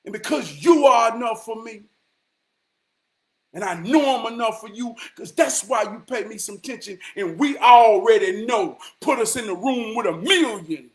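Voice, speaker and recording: Man, high voice, motivational talk, preachy, repeats himself, shouts then goes hushed. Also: animated, normal speed. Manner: emphatic and preachy, swinging from shouts to hushed tones; repeats lines for emphasis, street slang. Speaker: motivational vlogger.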